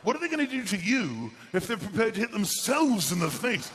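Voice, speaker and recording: Animated stand-up comedian. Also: male voice, sits high, fairly quick. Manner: animated, self-mocking storytelling. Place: comedy stage before an audience. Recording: loud live-venue background noise.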